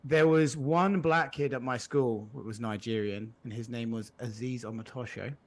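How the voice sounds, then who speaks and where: A man's voice: medium pitch, moderate pace. A man co-hosting a casual podcast, teasing dryly and telling stories. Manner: teasing, dry, storytelling. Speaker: podcast co-host. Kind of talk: casual chat.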